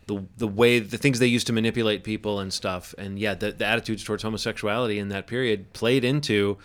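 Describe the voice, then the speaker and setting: Man, podcast host, fairly low voice, relaxed rambling chat. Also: fast, clean tone. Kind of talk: casual chat.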